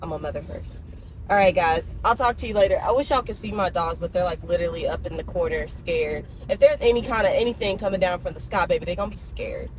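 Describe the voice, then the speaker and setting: A woman's voice: fairly low pitch, fast talker, slight background noise. A young woman, chatting emotionally and casually in a personal vlog. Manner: chatty, emotional, talks to her dogs in baby talk. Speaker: vlogger.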